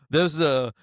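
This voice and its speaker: A man co-hosting a casual football podcast, talking in a measured, analytical way and laughing often. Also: a little high, breathy edge, no echo, studio quality. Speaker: podcast co-host.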